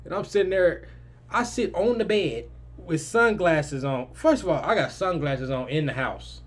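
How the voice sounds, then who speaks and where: A young man telling a story in a lively, casual way, jumping to loud, high-pitched quoted lines. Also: moderate pace. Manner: animated, swings loud and high in quoted lines, swears freely. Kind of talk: animated storytelling.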